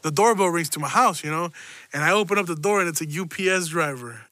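A man's voice: a little high, fast talker, sharp tone, no room sound. A young man from Chicago telling a personal story in a rambling, self-mocking way, laughing often and swearing freely. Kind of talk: casual profane storytelling.

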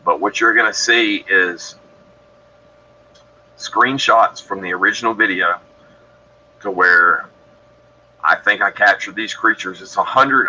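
This is a man with a deep, low voice and a bright, forceful edge. He tells his story casually on a podcast, rambling and correcting himself as he goes. The recording sounds a little dull, with a faint hiss underneath. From Georgia, USA. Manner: rambling, self-correcting, matter-of-fact. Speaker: guest describing encounters.

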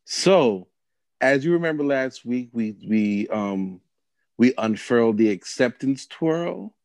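A man's voice: mid-range voice, animated, slow pace, a little mellow, no room sound. A man hosting a casual podcast chat, laughing often and restarting his sentences. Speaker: podcast host.

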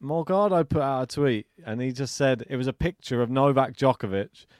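A man co-hosting a podcast, chatting casually about tennis, animated and laughing often. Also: mid-range voice, brisk, clean tone, no echo, studio quality. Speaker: podcast co-host.

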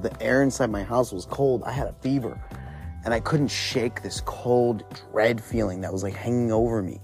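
A man with a fairly low voice recounts a frightening night in loose, rambling podcast talk, swearing often. Faint music sits quietly under his voice. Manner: profane, rambling, conversational. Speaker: podcast host. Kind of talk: casual spooky storytelling.

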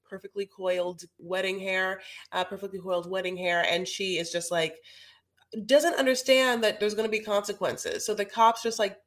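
A woman's voice: medium pitch, fairly even intonation, moderate pace, a bit bright. A woman co-hosting a podcast, chatting casually and gossiping with lots of fillers. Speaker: podcast co-host. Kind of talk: casual recap chat.

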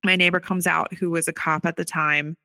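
An earnest woman recounting her personal story in testimony style. Her voice sits a little low, yet it is bright and forceful. She is recorded dry, close and with no room sound. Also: flat delivery, vocal fry, dry recording. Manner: earnest, recounts events quickly with acted quoted dialogue. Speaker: interviewee sharing her story.

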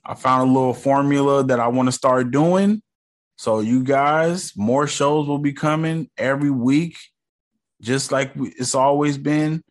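A man's voice: medium pitch, unhurried. A man from the United States hosting a casual solo podcast, rambling in a laid-back, slangy way with lots of fillers. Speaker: podcast host.

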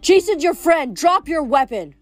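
A woman voicing a desperate teenage girl who shouts urgent commands. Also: deep voice, slow pace, soft background music. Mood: desperate, commanding.

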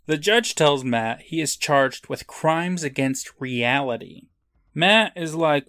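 Laid-back man recapping with lively pitch. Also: takes it slowly, no echo. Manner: laughing storyteller, acting out quotes. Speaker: podcast co-host. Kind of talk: casual episode recap.

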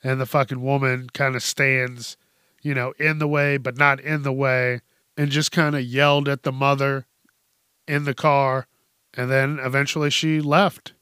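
A man's voice: mid-range voice, little pitch movement, measured pace, pushed and bright, clean tone, no echo, studio quality. A man hosting a podcast, telling a news story in a casual, profane way and often laughing. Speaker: podcast host.

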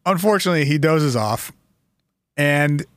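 A man's voice: on the high side, animated, normal speed, no echo. Wry man telling a story, dry mic. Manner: easygoing, wry, reads quotes aloud. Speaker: podcast host telling the story. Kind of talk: casual storytelling chat.

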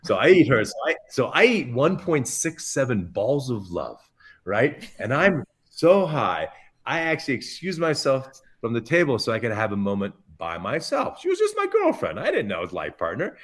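A middle-aged chef, a man, telling self-mocking anecdotes in a podcast interview, full of quick asides. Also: medium pitch, huge pitch swings, a bit bright, breathy edge. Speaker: chef guest.

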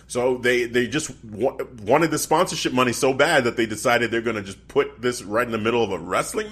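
A man co-hosting a casual wrestling podcast, talking in an animated, incredulous way and laughing often. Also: mid-range voice, fairly quick, few pauses, slightly rough. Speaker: podcast co-host.

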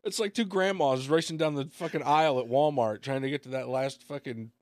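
An American man co-hosting a podcast, chatting in a relaxed, agreeable way and swearing freely. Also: mid-range voice, brisk, no echo. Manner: laid-back, agreeable, profane. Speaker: podcast co-host. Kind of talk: casual podcast banter.

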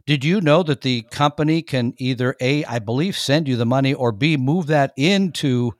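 A man's voice: mid-range voice, moderate pace, dry recording, clean studio sound. A man co-hosting a radio money show in a casual, emphatic, chatty way, laughing easily. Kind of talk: casual money-advice talk.

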